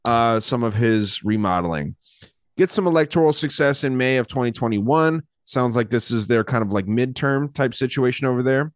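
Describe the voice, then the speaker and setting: A man's voice: mid-range voice, dry recording, studio quality. A man hosting a casual podcast chat, rambling and swearing casually while reading from his notes. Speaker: podcast host.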